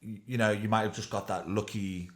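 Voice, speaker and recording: A man's voice: lowish voice, steady tone, fairly quick, fairly bright tone. A man who is an actor and podcast host, chatting casually and agreeing often. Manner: agreeable, frequent "yeah" backchannels. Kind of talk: casual chat.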